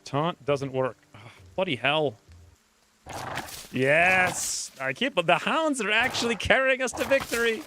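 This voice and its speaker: A man streaming a strategy game, talking excitedly over the play and crying out when his fighters get hit. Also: high voice, measured pace, noisy background. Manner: animated, yelps and cries out at hits. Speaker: gameplay streamer. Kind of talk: excited gameplay commentary.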